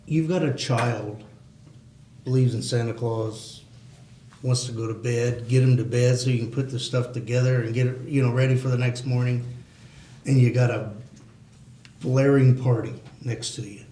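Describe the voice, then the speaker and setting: A man's voice: mid-range voice, steady tone, moderate pace, warm tone, slight background noise. Plainspoken man at a neighborhood meeting, heated in bursts, echoey room. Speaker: resident at a community meeting. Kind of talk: community meeting discussion.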